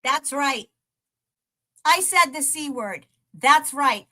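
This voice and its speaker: A woman hosting a live stream launches into a profane, mocking rant, cursing and taunting a troll and laughing between jabs. Her high-pitched voice is expressive, pushed and bright, and she takes it slowly.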